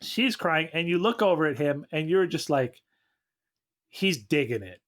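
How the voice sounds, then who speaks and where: A man co-hosting a comedy podcast, giving mocking, animated recaps of a movie's plot. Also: a little high, measured pace. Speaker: co-host.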